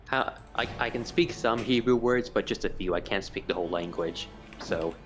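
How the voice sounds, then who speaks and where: American guy streaming, lowish voice, trips over his words a lot. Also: moderate pace, soft background music. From United States. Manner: stumbling, repeats words. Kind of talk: casual group chat. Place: online voice chat.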